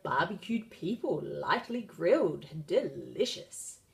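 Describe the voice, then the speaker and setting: A woman voicing a huge, hungry male dragon in a storybook reading, roaring loudly for more food. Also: on the low side, sing-song, slow, creaky, full character voice. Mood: gloating. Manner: roaring, demanding.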